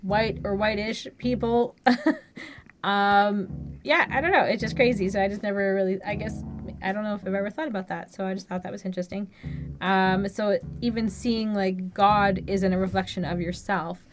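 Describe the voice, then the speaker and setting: A woman's voice: medium pitch, steady tone, normal speed, music in the background. Rambling young woman full of fillers. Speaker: music review podcast co-host. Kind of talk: casual chat.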